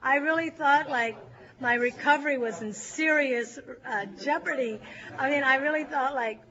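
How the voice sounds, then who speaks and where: High, bright-voiced woman telling stories. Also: normal speed, dull audio. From California. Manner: lively, laughs often, acts out shouting crowds. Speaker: speaker sharing a recovery story. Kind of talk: storytelling to a group.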